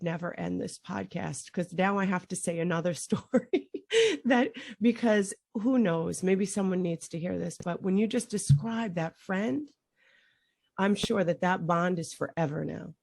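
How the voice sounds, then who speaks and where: A woman's voice: fairly low pitch, a little mellow, no echo, clean studio sound. A middle-aged woman hosting a podcast, telling an emotional story that rambles and breaks off mid-sentence, her voice climbing when she relives moments of panic. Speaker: podcast host.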